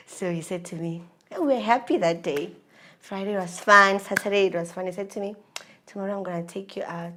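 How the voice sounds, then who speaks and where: A woman telling her own story in an animated, emotional way, acting out the dialogue. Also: lowish voice, moderate pace, noisy background. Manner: animated, emotional retelling with acted-out dialogue and laughs. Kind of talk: personal storytelling.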